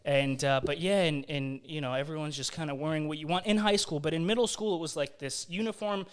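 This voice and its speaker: A man's voice: on the high side, fairly quick, smooth. A young man from England who now talks with an American accent, telling a rambling story with lots of fillers and restarts in a casual podcast chat. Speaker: podcast host. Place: basement studio.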